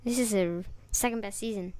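A woman co-hosting a casual sports chat, quiet and deadpan with brief answers. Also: mid-range voice, a little fast, no room sound. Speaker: co-host.

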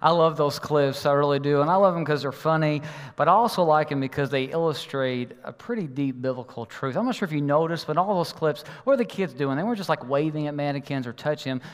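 Male pastor with a high voice, animated storyteller, recorded with a long church-hall reverb. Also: fast talker. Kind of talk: sermon with personal story. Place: church auditorium.

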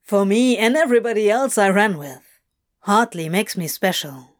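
A woman's voice: medium pitch, animated, normal speed, lightly acted. Woman reading as Crowley, blunt and swearing. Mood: candid, offhand. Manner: blunt, swears a lot, scolds himself. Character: wry guarded young-adult man, self-mocking. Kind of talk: audiobook reading of fiction.

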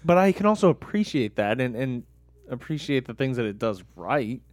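A man co-hosting a casual movie review podcast, animated and quick to laugh as he defends an actor he likes. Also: medium pitch, dry recording. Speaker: podcast co-host.

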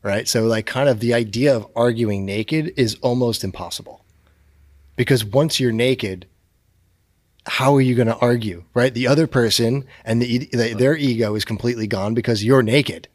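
A man explains an idea in an easygoing chat, pausing often to ask "right?" His voice sits at an average pitch and sounds dry and close, with no room around it. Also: no room sound. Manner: explanatory, keeps checking in with "right?". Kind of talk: casual chat.

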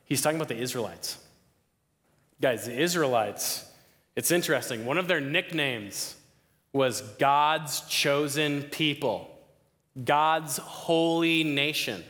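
A young man preaching a sermon to a campus crowd, lively, often asking the listeners questions. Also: on the high side, slow pace. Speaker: campus ministry speaker. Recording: long hall reverb.

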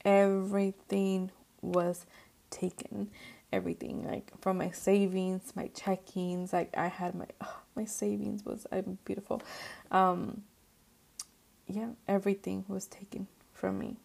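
A young woman hosts her podcast and tells a personal story in loose, casual chat. Her voice has a gravelly fry to it, and her pitch stays fairly flat. She leans on "like" constantly and drops into Spanish phrases now and then. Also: a little slow. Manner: filler-heavy, says "like" constantly, mixes in Spanish. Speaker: podcast host.

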